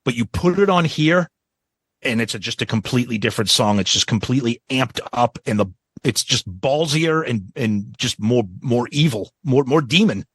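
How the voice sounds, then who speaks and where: Man, podcast co-host, dry close mic, mid pitch, eager, repeats words. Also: expressive, breathy edge, no room sound. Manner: enthusiastic, repeats words, quick agreeing interjections. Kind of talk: casual music review chat.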